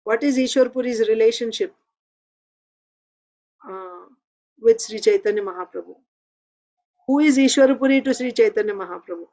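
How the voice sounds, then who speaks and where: An insistent wandering ascetic presses his demand slowly and deliberately, as a woman telling the story puts him on. The voice stays close to her own everyday voice. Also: fairly high pitch, dark tone, lo-fi sound, natural voice.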